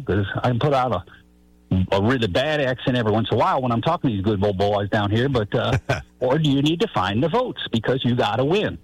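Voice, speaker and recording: A man's voice: medium pitch, breathy edge, rough recording. Chatty radio caller from Chicago, man. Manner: chatty, laughing, folksy storytelling. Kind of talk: call-in radio talk.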